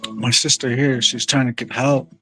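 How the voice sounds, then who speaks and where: A man's voice: mid-range voice, level tone, normal speed, bright, forceful tone, soft background music. A man telling a long story to his viewers in a rambling, profane way, often calling out to them as "you guys.". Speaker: livestream host.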